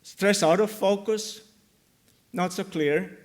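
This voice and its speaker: Male academic presenter, unhurried delivery, hesitant, frequent fillers. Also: high voice. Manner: slow, many ums and uhs, pauses mid-phrase. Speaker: linguistics lecturer. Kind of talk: academic conference talk. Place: lecture hall.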